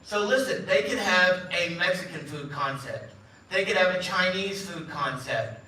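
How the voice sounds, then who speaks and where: A man's voice: high-pitched, expressive, normal speed, bright, forceful tone, far from the mic, slight background noise. Joking middle-aged man speaking in an echoey room. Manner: joking, storytelling, acts out quoted voices. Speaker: company CEO giving a talk. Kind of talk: live event speech. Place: large event room.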